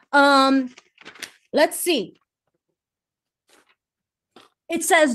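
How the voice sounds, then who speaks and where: A woman's voice: high voice, measured pace, a bit bright. A woman on an online panel discussion who reads scripture aloud and gets heated and emphatic as she argues.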